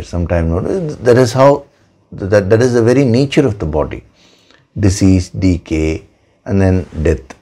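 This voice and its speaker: A spiritual teacher gives a discourse in a very deep, low voice whose tone stays dark and mellow throughout. He speaks slowly and in a measured way, leaning on repeated words for emphasis.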